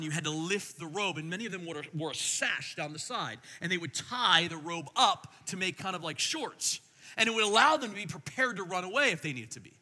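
A middle-aged man preaching a sermon as pastor, telling stories in an animated way and swinging between quiet and loud. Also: fairly high pitch, long reverb tail.

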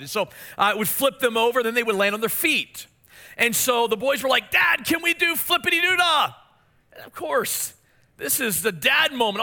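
A man in his forties preaching a sermon, telling family stories and asking his listeners questions. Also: extremely high pitch. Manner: storytelling, animated, asks the congregation questions. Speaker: pastor.

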